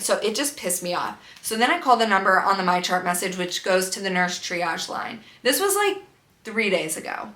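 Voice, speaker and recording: A woman's voice: medium pitch, big pitch swings, moderate pace, fairly bright tone. A young woman vlogging at home in casual chat, frustrated and rambling, swearing freely. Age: young adult. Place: home room with a loud air conditioner. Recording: echoey room, faint hum.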